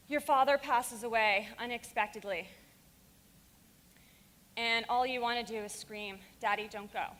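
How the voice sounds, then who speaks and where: A woman's voice: high voice, bright, forceful tone. A woman giving a frank, fiery and profane talk to a live audience in a conference hall. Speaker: conference speaker.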